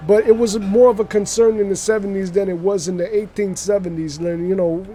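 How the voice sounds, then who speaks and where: A man's voice: sits high, steady tone, a little fast, dark tone, voice pushed up, close to an everyday voice. A man voicing a brash male Italian-American wise guy with a New York accent, telling rambling, jokey stories.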